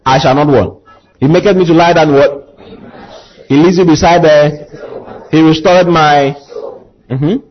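A man's voice: fairly high pitch, highs cut off. A male pastor preaching a sermon, asking the congregation to repeat after him and building to impassioned emphasis. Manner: call-and-response preaching, rising to impassioned emphasis.

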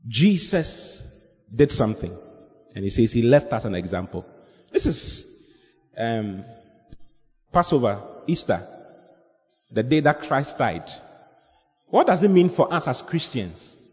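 A man's voice: mid-range voice, very animated, takes it slowly, pauses often. A man pastoring a church service, preaching a sermon and leading the congregation in call-and-response. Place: church hall. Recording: long hall reverb with faint music.

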